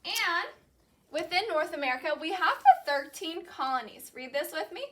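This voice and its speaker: A woman teacher leading a call-and-repeat classroom lesson, saying each vocabulary word slowly and clearly and then repeating it. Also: very high voice, animated, heavy background noise. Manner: slow, clearly enunciated drilling of vocabulary.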